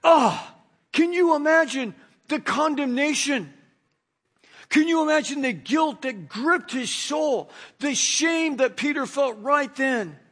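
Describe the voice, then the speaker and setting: A man's voice: very high voice, animated, takes it slowly, fairly bright tone. A male pastor preaching, telling the story with energy and asking his listeners rhetorical questions. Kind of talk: sermon.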